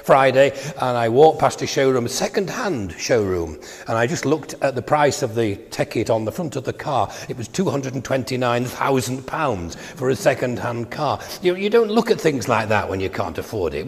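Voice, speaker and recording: Gravelly older preacher in a hall. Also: male voice, fairly high pitch. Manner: conversational, digressive preaching with asides. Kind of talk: sermon. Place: church.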